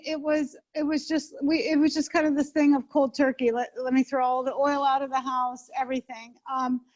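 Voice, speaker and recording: A middle-aged woman chef chatting in an interview, rambling with many restarts. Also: sits high. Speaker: interview guest, home chef. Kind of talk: casual interview chat. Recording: dull lo-fi sound.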